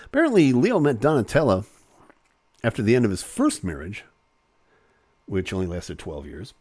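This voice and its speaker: A man's voice: lowish voice, sing-song, normal speed, a little mellow, dry recording. A man hosting a live online show, casually reading celebrity news aloud with playful jokes and asides.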